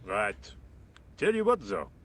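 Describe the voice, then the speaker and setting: A man's voice: lowish voice, huge pitch swings, slow, a bit bright, full character voice. An actor playing a lazy, indifferent workman with a French accent, speaking in a dry, languid, sarcastic way in a video game.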